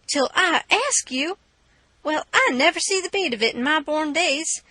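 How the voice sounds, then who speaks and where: A woman reading an audiobook, voicing a flustered, sharp-tongued older Southern aunt who scolds indignantly. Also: high-pitched, lively intonation, unhurried, no room sound, pitched above the performer's own voice, exaggerated voice.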